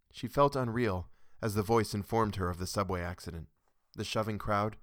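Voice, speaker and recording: A man narrating a short story in a steady, measured reading. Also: fairly low pitch, no room sound, studio quality.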